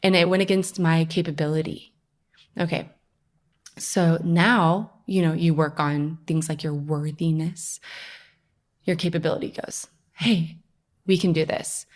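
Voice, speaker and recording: Animated young woman telling her story. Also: deep voice, a little slow. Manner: animated storytelling, acts out her own past voice. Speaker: podcast guest. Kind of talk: personal story in a conversational interview.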